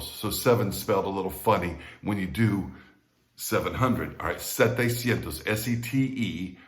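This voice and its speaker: A man teaching Spanish numbers in a recorded lesson, patiently repeating each word slowly and checking in with the learner. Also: on the low side, a bit bright, roomy sound.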